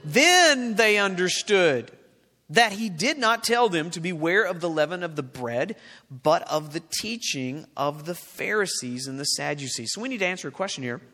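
Bright-voiced preacher man in a hall. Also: high voice, animated, normal speed. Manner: emphatic preaching, reads scripture aloud, asks the congregation questions. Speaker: pastor. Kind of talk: sermon. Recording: long reverb of a large hall.

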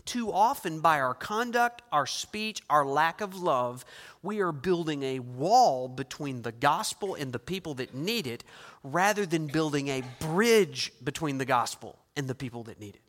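A man's voice: on the high side, lively intonation, measured pace, a bit bright. A middle-aged man preaching a sermon as pastor, emphatic, building his points with repeated phrases. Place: church sanctuary. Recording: long hall reverb.

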